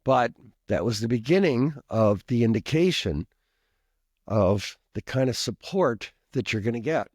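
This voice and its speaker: A man's voice: medium pitch, lively intonation, measured pace, darkish tone, breathy edge, dry recording, clean studio sound. A man from Minnesota, a pastor and professor, telling a long personal story in a rambling, conversational way with asides and frequent coughs. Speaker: pastor and professor, podcast guest.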